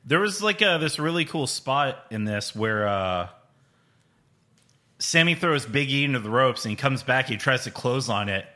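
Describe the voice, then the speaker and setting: A man's voice: mid-range voice, animated, moderate pace, bright, forceful tone. A man co-hosting a casual chat podcast, joking in laid-back banter. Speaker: podcast co-host.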